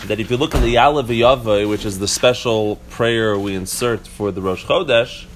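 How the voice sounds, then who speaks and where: A man's voice: on the low side, normal speed, background noise. A man giving a casual Torah class to a few listeners, explaining step by step with frequent restarts and rhetorical questions. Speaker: teacher.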